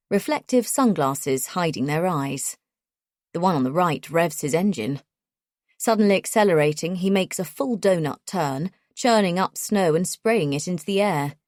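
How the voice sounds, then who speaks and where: A woman narrating a first-person thriller audiobook in a measured, tense way. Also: fairly low pitch, darkish tone, no echo, clean studio sound.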